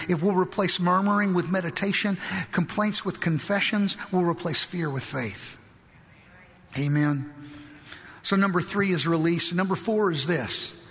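A man preaches in a high, bright voice, pressing his points with fervent conviction and building toward loud exclamations. His words carry a long reverb, as if spoken in a large church hall. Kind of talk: sermon.

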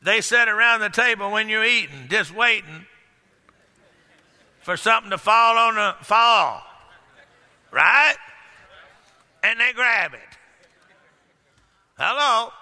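A man preaching a sermon with emphasis, now and then rising to a shout and putting questions to the congregation. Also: high voice, slow pace, pauses often. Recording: echoey hall with long reverb.

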